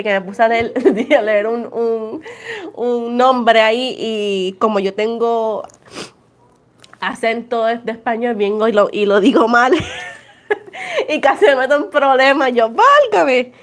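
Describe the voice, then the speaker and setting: Puerto Rican woman in her twenties, fairly high voice, casual chatty tarot host, laughs often. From Puerto Rico. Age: 20s. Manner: laughs often, switches between English and Spanish. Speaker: tarot reader livestream host. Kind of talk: casual livestream chat.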